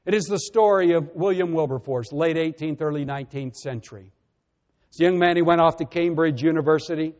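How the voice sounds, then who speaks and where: Earnest male preacher in reverberant sanctuary. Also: on the high side. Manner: earnest, measured preaching with soft drops at phrase ends. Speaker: pastor. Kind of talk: sermon. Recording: muffled with long reverb.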